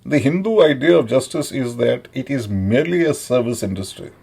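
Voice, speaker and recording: A man in a sardonic, halting monologue, full of fillers and mocking asides. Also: medium pitch, expressive, creaky, darkish tone, slightly rough. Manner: sardonic, mocking, mimics others in Hindi. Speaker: commentator. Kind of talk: casual monologue.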